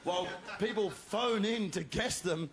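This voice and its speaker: A man performing a stand-up comedy routine, telling stories with animated delivery and shouted punchlines. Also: sits high, measured pace, a crowd in the background. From Australia. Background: audience laughter.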